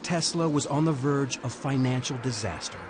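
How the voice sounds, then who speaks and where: A man giving scripted documentary narration in a measured, dramatic way. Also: medium pitch, darkish tone. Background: music.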